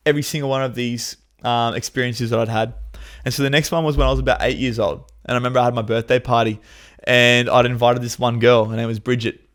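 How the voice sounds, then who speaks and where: A male podcast host telling a deeply personal story in an open, heartfelt monologue. His voice sits at an ordinary middle pitch. He swears freely, and his voice swells with feeling when the memories hit hard. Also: a bit bright. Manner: candid and emotional, with frequent swearing; rises to intense, raised passages when reliving pain.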